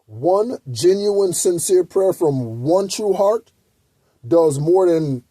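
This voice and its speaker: A man delivers a blunt spiritual pep talk, preachy and peppered with curses. His voice sits a little high but sounds very dark and husky. The recording is dry, with no room sound. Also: animated, slow pace, no room sound. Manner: blunt, preachy, heavy swearing. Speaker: spiritual guidance channel host. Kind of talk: profane motivational monologue.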